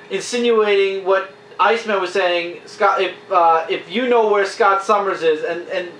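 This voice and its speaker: A man chatting casually as a comic book reviewer, enthusiastic and acting out characters' lines in quick quotes. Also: sits high, fairly even intonation, a bit bright, recorded from a distance. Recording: echoey room, faint hiss.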